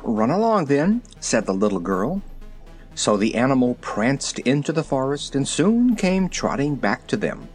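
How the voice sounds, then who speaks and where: A storyteller reading a children's fairy tale aloud, lively and expressive. The pitch swings widely from line to line. Faint music plays under the reading. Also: unhurried, breathy edge. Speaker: narrator.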